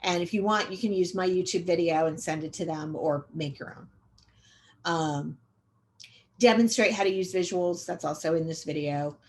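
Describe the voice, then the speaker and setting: A middle-aged woman giving a conversational training lecture to educators, repeating key points for emphasis and often pausing on "um". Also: lowish voice, slight background noise. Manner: conversational, repetitive emphasis, frequent um fillers. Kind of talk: recorded training webinar lecture.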